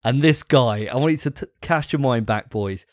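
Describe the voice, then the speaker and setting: A man's voice: medium pitch, moderate pace, darkish tone, no room sound, studio quality. A man hosting a gaming podcast in casual chat, enthusiastic and profane and laughing often. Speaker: podcast host.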